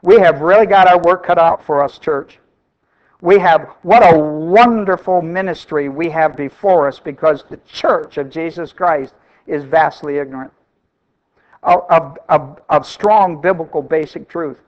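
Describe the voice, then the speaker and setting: A man's voice: a little high, unhurried, lo-fi sound. A male pastor preaching a sermon, emphatic and repeating key phrases for stress.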